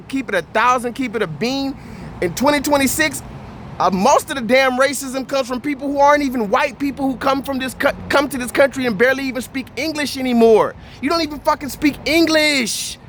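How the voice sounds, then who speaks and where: A man telling a story in a vlog, in a blunt, profane and animated rant. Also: very high voice, a little hiss or hum. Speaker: vlogger. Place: Houston area.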